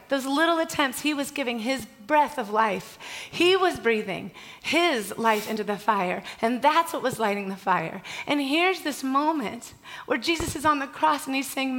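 A woman's voice: high-pitched, normal speed, a bit bright. A woman preaching a sermon, telling stories in an emotive, tender way with repeated phrases. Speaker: pastor.

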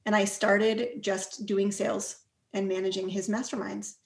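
A woman guest telling her story in an earnest, energetic way. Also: medium pitch, a little slow. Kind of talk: casual storytelling. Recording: roomy echo.

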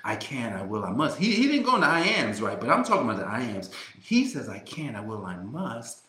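A man delivers a faith-driven motivational monologue for his podcast, his pitch swinging widely as he builds each point. He speaks in a fervent, preacher-like rhythm, often stumbling and repeating words as he drives forward. The sound carries the reverb of a roomy space. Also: big pitch swings, a little fast, bright, forceful tone. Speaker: podcast host.

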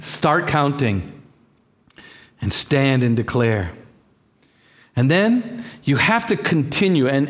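A male pastor preaching with fervent, repetitive conviction. His voice sits a little higher than most men's, and he often stumbles and restarts mid-phrase as he drives his points home. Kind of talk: sermon.

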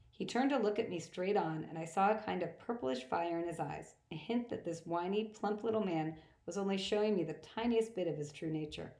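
A woman's voice: fairly low pitch, fairly quick, few pauses, darkish tone, roomy sound, rough recording. Woman reading a novel aloud. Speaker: audiobook reader. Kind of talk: first-person novel narration.

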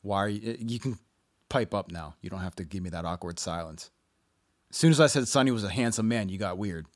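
A man's voice: on the low side, a little fast, no room sound, studio quality. A man co-hosting a podcast, chatting casually over a video call in a joking, teasing, mock-indignant way. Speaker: podcast co-host. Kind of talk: casual chat.

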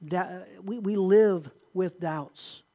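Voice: mid-range voice, drawn-out words, dark tone, dull audio. Pastor, sermon delivery; emphatic, repetitive, asks the listeners questions.

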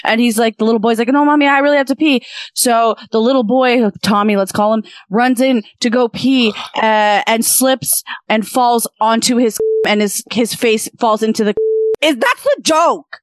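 A woman's voice: fairly high pitch, unhurried, no echo, clean studio sound. A young woman with a Canadian accent, co-hosting a podcast and retelling a story in a rambling, filler-heavy way. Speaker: podcast co-host. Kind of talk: casual chat, retelling a comedy bit.

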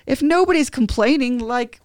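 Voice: sits high, animated, normal speed, no room sound. A podcast co-host chatting casually and reading out news stories. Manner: reads news items aloud, chatty. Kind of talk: casual chat.

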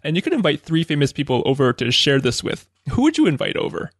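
A man's voice: a little high, wildly swooping pitch, quick pace, husky. A man hosting a podcast, asking a guest questions in an upbeat, encouraging way. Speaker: podcast host.

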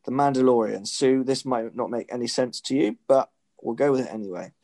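A man chats easily with a friend, at an everyday mid-range pitch. He often trips over the start of a sentence and restarts it. Small chuckles run through his talk. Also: fairly quick, dark tone. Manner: hesitant restarts, chuckling asides. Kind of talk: casual chat.

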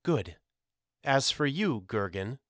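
A man's voice: mid-range voice, big pitch swings, slow, dry recording, studio quality. A man voicing a firm, authoritative but kind mother in an audiobook. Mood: scolding. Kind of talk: audiobook character voice.

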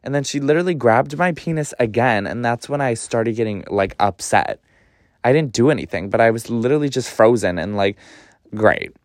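A young man hosting a podcast, telling a story casually in an animated, gossipy way, swearing a lot and often jumping up in pitch. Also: fairly quick, no room sound, clean studio sound. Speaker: podcast host.

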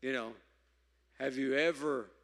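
A man preaching a sermon, emphatic, moving from loud stresses to quiet asides. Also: medium pitch, steady tone, measured pace. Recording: reverberant hall.

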